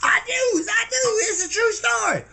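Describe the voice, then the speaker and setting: A man voicing a cranky, stubborn old grandfather who hollers back in a high, shrill drawl. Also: lively intonation, moderate pace, gravelly, sharp tone, full character voice. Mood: insistent.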